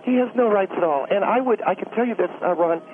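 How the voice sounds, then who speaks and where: A man's voice: sits high, quick pace, pitched above the performer's own voice, natural voice. Man doing a prissy woman candidate. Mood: lecturing. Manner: prissy, condescending, fussy. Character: prim middle-aged woman political candidate. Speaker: radio show guest. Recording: tinny phone-line sound, faint hiss.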